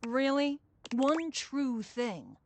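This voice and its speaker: A woman's voice: sits high, big pitch swings, very slow, a little hiss or hum, full character voice. An actress playing an insecure, self-deprecating woman who stammers and hesitates. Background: game music.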